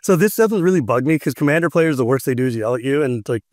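A man hosting a podcast, chatting casually and telling animated stories with frequent laughs. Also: medium pitch, fast talker, no room sound, clean studio sound. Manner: animated storyteller who laughs often. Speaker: podcast host.

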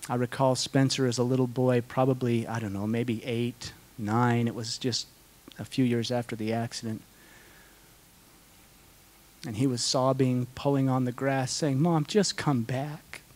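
A man's voice: medium pitch, flat delivery, moderate pace, darkish tone. A middle-aged man answering audience questions at a conference, speaking in an earnest, heartfelt storytelling way with frequent restarts.

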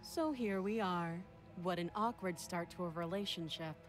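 An actress playing a chained, guarded young princess in a game, cool, unhurried and faintly haughty. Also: female voice, fairly low pitch, music in the background, lightly acted. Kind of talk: scripted game dialogue.

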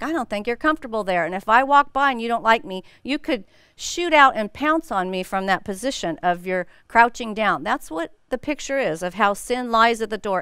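A woman's voice: mid-range voice, a bit bright, clear, resonant tone, dry recording, clean studio sound. A middle-aged woman teaching a women's Bible study, telling a personal story in a chatty way and laughing often.

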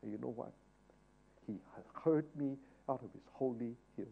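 A man teaching a Bible study in a sermon style, asking rhetorical questions and moving from hushed asides to loud, fervent exhortation. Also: medium pitch, moderate pace, creaky, husky, phone-quality sound. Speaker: pastor leading Bible study.

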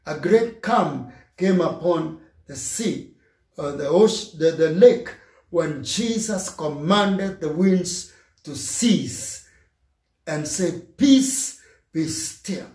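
Male pastor with a high voice, slow, repetitive sermon delivery, echoey church hall. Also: a little mellow. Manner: slow, emphatic preaching with repeated phrases.

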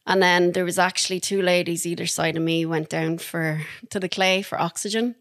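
This is an Irish woman in casual conversation on a podcast, recounting experiences in a lively, chatty way. Her voice sits somewhat low for a woman. The sound is close and dry, with no room echo. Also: a little fast. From Ireland. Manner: chatty and animated, laughing through anecdotes. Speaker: podcast guest. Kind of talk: casual storytelling.

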